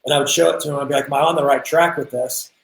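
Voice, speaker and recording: A young man telling a drumming story in a casual interview, animated and quick to act out what others said, over a video call. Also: mid-range voice, vocal fry. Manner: animated, lots of restarts, quotes people in acted voices. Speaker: guest drummer. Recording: roomy echo.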